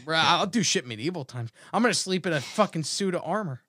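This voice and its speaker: A man's voice: a little high, animated, fairly quick, sharp tone, no room sound, studio quality. A man in his thirties telling rambling comic stories as a podcast host, joking and laughing often. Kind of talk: casual comedic storytelling.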